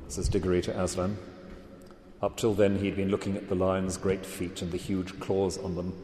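A man giving a measured, reflective literary lecture and reading passages aloud. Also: deep voice, little pitch movement, mellow, a little hiss or hum. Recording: echoey hall with long reverb.

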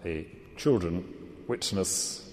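A man giving a measured, reflective literary lecture and reading passages aloud. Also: low-pitched, slight background noise. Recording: echoey hall with long reverb.

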